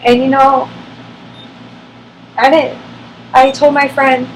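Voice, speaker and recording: A woman's voice: high voice, flat delivery, takes it slowly, long pauses, a little hiss or hum, rough recording. A woman vlogger telling a personal story to the camera, candid and emotional, with many fillers.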